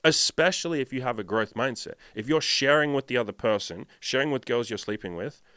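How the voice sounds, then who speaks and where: A man's voice: mid-range voice, lively intonation, fairly quick, fairly bright tone, smooth, no echo, studio quality. A man who is a dating coach, talking bluntly and emphatically in a casual podcast monologue, swearing often. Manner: blunt, heavily profane, emphatic.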